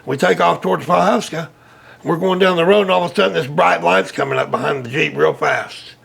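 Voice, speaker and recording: Man, high and gravelly, animated storyteller guest. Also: a little fast. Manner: animated, acts out quotes loudly. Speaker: interview guest, witness. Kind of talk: casual storytelling.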